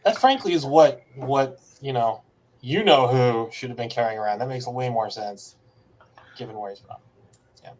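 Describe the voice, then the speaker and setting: A man in casual podcast chat, joking with quick quips. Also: mid-range voice, poor audio.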